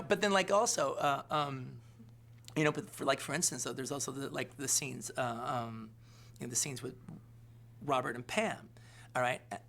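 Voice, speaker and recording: A film director in an interview, telling an anecdote in a rambling way, full of fillers and asking "all right?" again and again. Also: male voice, mid-range voice, creaky, sharp tone, a little hiss or hum.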